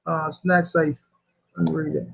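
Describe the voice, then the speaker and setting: A man's voice: fairly high pitch, flat delivery, unhurried, creaky, a bit bright, slightly rough. A man hosting a casual livestream, reading chat aloud and arguing in a heated, profane way. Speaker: host.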